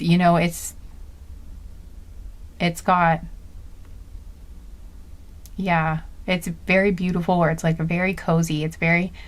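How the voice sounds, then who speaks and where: A woman giving a casual spoken intuitive reading, gentle and earnest, often searching aloud for the right words. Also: on the low side. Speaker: intuitive card reader.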